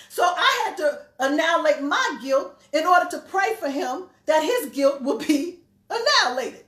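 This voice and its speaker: A woman's voice: high-pitched, animated, normal speed, fairly bright tone, echoey room. A woman pastor preaching emphatically, repeating phrases and laughing between points. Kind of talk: sermon.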